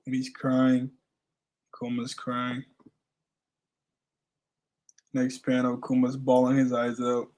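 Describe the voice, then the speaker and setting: A man hosting a casual manga reaction, reading panels aloud and musing between them with fillers and quick laughs. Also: medium pitch, monotone, a little mellow.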